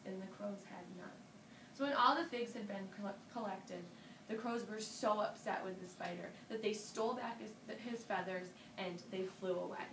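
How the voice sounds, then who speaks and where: A woman telling a folk tale to children, animated and inviting her listeners to join in. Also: mid-range voice. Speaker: storyteller. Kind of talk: interactive storytelling for children. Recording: roomy, distant mic with ambient noise.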